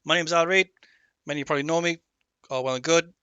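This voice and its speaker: Man, race broadcast host, very bright tone, dry close sound, jokey upbeat banter. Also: a little high, fairly even intonation, quick pace, clean tone, no echo, dull audio. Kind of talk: live sim racing commentary. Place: home setup on a remote call.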